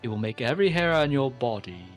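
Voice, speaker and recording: A man's voice: medium pitch, very animated, fast, faint music behind, lightly acted. A man reading game lines aloud as an eccentric, pompous male Victorian detective with a grand, theatrical delivery.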